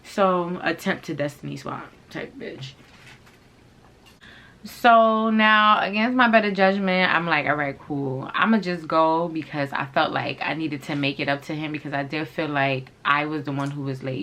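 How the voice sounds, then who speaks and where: Woman vlogger, deep fry-edged voice, casual storytime, blunt and foul-mouthed. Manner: blunt, profane, animated, heavy use of "like". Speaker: fashion channel vlogger.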